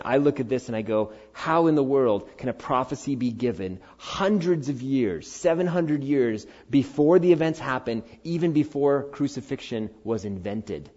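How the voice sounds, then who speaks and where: A middle-aged man preaching a sermon, earnest and animated, swinging from loud, high emphasis down to quiet, low conviction. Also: normal speed, hardly any pauses. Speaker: pastor. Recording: dull, slightly lo-fi sound.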